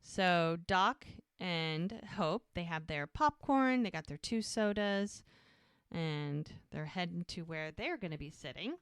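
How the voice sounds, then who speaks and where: Lower-voiced woman, podcast co-host, chatty scene-by-scene episode recap, dry close sound. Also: expressive, slow pace, smooth, no echo. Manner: retells scenes, slipping into quoted dialogue.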